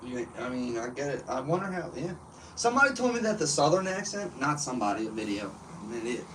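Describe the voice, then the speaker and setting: A man chatting as a guest friend on a casual livestream, joking offhandedly and thinking out loud. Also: medium pitch, big pitch swings, fast talker, distant mic, slight background noise, low-quality recording.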